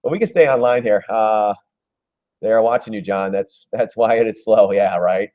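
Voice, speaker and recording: A man's voice: on the low side, moderate pace, no room sound. A man hosting a live stream as a stock trader, giving casual market commentary in a chatty, joking way with frequent restarts. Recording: dull, lo-fi, dry stream audio.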